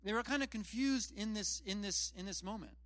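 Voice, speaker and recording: A man's voice: sits high, a little fast, a bit bright, no room sound. A man preaching a casual sermon, retelling scripture in plain, chatty storytelling with self-deprecating asides. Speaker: pastor.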